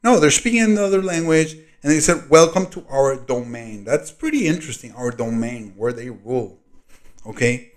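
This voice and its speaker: A man hosting his own video, reading a diary aloud and breaking off into long commentary. He rambles, fills gaps with ums, and clears his throat often. His loudness rises and falls as he talks. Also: fairly high pitch, normal speed. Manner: rambling, frequent throat clearing and fillers, loudness rising and falling. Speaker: video host.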